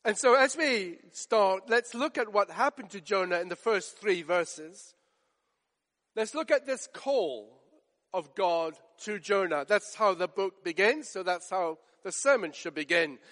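A man with a notably high voice delivers a sermon in an emphatic, rhetorical way, pausing for effect and acting out quoted lines. His voice rings with a long reverb, as in a large church hall. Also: animated, fairly bright tone. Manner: emphatic, rhetorical, with dramatic pauses and quoted dialogue. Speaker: preacher.

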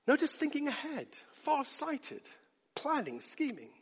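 A man preaching a sermon, earnest, moving from hushed asides up to rising emphatic peaks. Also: very high-pitched, wildly swooping pitch, unhurried, big-room sound.

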